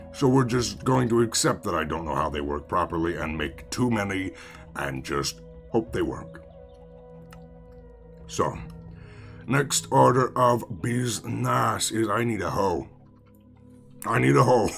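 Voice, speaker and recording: A man's voice: low-pitched, creaky, fairly bright tone. A man streaming a game, talking to himself in sarcastic, rambling commentary. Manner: sarcastic rambling self-talk. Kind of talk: casual gameplay commentary.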